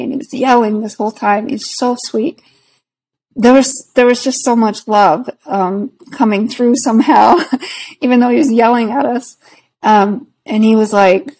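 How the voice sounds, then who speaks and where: Woman, podcast guest, reflective and earnest, slow and breathy. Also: on the high side, rough recording. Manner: reflective, earnest, laughs softly between thoughts. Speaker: podcast guest, spiritual practitioner. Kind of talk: casual conversation.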